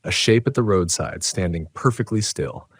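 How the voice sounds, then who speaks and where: Deep-voiced man narrating a horror story. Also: expressive, moderate pace, husky, no room sound.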